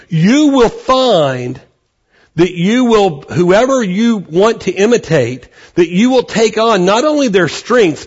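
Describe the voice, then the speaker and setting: A male pastor preaching a conversational sermon, acting out quotes with animated energy. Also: high voice, muffled recording.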